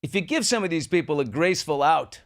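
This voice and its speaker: A middle-aged male host riffs with sardonic, animated energy. His voice sits fairly high for a man. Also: quick pace. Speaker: talk show host. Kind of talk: casual political commentary.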